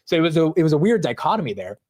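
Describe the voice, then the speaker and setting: A man hosting a live market stream, talking loudly and animatedly in casual commentary, often poking fun at himself. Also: on the high side, very fast. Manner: loud, animated, self-mocking. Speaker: livestream market show host.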